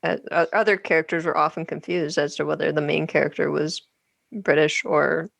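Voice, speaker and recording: Gravelly low-voiced woman guest. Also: fairly even intonation, fairly quick, no echo. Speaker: guest podcaster. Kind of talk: casual book discussion.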